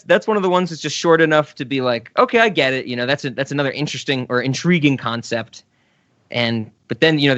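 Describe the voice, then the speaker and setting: A man's voice: medium pitch, a bit bright, no room sound, dull audio. A man hosting a film podcast in casual chat, easygoing and chuckling often. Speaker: podcast host.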